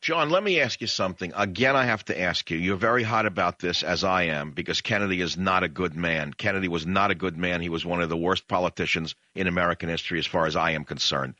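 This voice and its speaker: A man hosting political talk radio in a low, forceful voice, indignant and combative as he stacks up rhetorical questions. His delivery is dry and close on a studio mic. The broadcast sound is a little dull. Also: fast talker, few pauses, no room sound.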